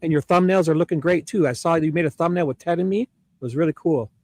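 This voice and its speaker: A man's voice: a little high, quick pace, darkish tone, no echo. A man co-hosting a livestream in friendly casual chat, who often repeats words and laughs. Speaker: livestream co-host.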